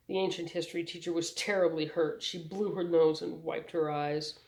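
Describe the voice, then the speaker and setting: A woman reading a novel aloud as a bedtime story narrator, measured and clear. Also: sits low, fairly even intonation, darkish tone, rough recording. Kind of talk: audiobook narration.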